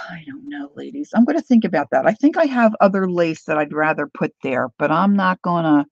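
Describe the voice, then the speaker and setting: A middle-aged woman hosting a crafting livestream, chatting warmly to viewers while she works. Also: fairly high pitch, lively intonation, moderate pace, gravelly, hardly any pauses, breathy edge, no room sound, lo-fi sound.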